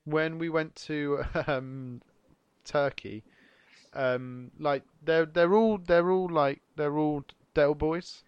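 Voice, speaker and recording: A man's voice: on the high side, fairly even intonation, clean tone, highs cut off. A man co-hosting a podcast in casual chat, joking, teasing and laughing easily. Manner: jokey, teasing, quick to laugh. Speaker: podcast co-host.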